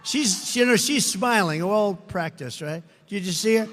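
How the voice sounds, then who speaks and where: Older male rally speaker, high and bright, booming through a long hall reverb with faint crowd hum. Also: animated, unhurried, hardly any pauses. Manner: repetitive, emphatic, rising to shouted lines. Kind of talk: campaign rally speech. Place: large indoor rally venue.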